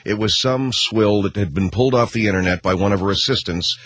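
Male radio host, sarcastic, emphatic, husky, dry studio sound. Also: fairly low pitch, brisk, fairly bright tone, no room sound. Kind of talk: talk radio hosting.

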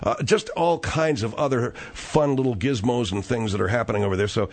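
A man hosting a radio talk show from a studio by the ocean, talking fast with a salesman's push on a studio microphone. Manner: fast, promotional pitching.

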